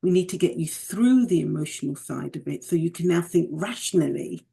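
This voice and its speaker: Middle-aged British woman guest, gravelly low voice, candid reflective storyteller. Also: animated, a little fast, warm tone. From United Kingdom. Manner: reflective, candid, with faith remarks. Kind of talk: personal storytelling in conversation.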